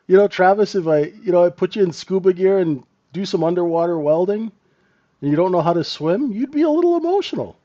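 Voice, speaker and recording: A man's voice: high voice, normal speed, long pauses, warm tone, lo-fi sound. A man hosting a live trading room, talking the market through in a casual, conversational way and often checking in with his listeners. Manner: conversational, repeated tag questions, chuckling asides.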